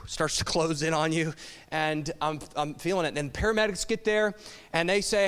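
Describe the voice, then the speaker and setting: A man's voice: on the high side, animated, a little fast, a bit bright, clear, resonant tone. Wry man telling a story in a hall. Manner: wry, self-mocking storyteller. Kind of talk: storytelling sermon. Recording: long hall reverb.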